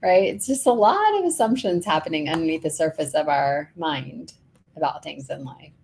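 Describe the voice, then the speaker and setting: Brief: lower-pitched woman co-host, thoughtful, soft "mm-hmm" listener. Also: animated, normal speed, gravelly, slight background noise. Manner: reflective, many soft affirmations. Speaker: podcast co-host. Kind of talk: casual conversation.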